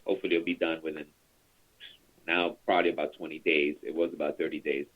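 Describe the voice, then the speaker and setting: A man's voice: very deep voice, flat delivery, fast, husky. A man leading a call center training over a conference call, chatty and rambling with many fillers. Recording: tinny phone line.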